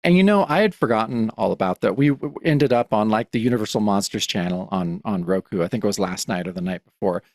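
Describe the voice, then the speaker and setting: A man's voice: lowish voice, fast talker, few pauses, darkish tone, no room sound, studio quality. A man co-hosting a podcast about comics, chatting casually and rambling with many restarts. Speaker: podcast co-host.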